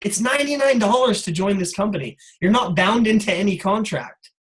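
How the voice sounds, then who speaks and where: A man giving an energetic, casual motivational talk on a sales call, full of "like" and "you guys.". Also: sits high, fairly quick, rough recording. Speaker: guest speaker on a sales call.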